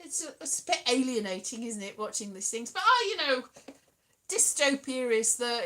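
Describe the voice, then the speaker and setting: Chatty middle-aged woman vlogging solo, high bright voice, rambly, goes a bit sing-song now and then. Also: lively intonation, normal speed. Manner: rambling, playful, drifts into sing-song asides. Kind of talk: casual solo chat to camera.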